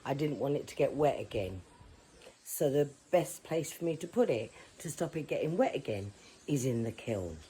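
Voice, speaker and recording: A woman's voice: a bass voice, expressive, normal speed, mellow, breathy edge, rough recording. A woman potter narrating her own pottery vlog in a chatty, playful way, dropping jokey asides as she goes. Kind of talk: casual vlog voice-over narration. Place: Saint Lucia.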